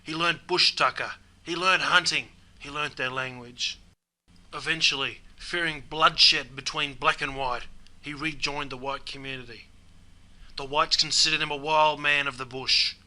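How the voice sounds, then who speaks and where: A man's voice: on the high side, steady tone, unhurried, pushed and bright, rough recording. A man with an Australian accent narrating a scripted comic lesson on slang, dropping "mate" into nearly every sentence. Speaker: host explaining slang.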